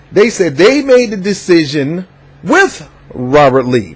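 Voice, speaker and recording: A man with a fairly high, husky voice gives loose news commentary. He rambles and digresses, stumbling through fillers as he goes. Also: lively intonation, unhurried, poor audio. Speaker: vlog host.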